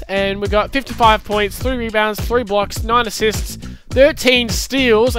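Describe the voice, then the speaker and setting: A man commentating his own basketball video game, cheering plays loudly and chatting casually to viewers. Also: sits high. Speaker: gaming YouTuber. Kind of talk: live gameplay commentary.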